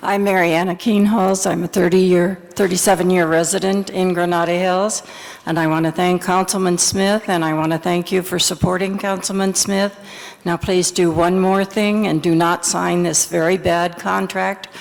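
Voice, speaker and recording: A woman with a low, gravelly voice speaks firmly and directly, with little rise and fall. Her words ring out across a large chamber. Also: little pitch movement, normal speed. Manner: firm, direct. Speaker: local resident commenter. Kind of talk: public comment at a council hearing. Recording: reverberant council chamber.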